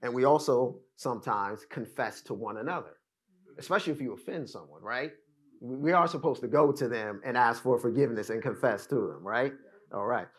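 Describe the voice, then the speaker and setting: A man's voice: mid-range voice, a little fast, breathy edge. A man preaching a teaching sermon, explaining scripture step by step and often checking in with "right?" and "amen?". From United States. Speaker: pastor.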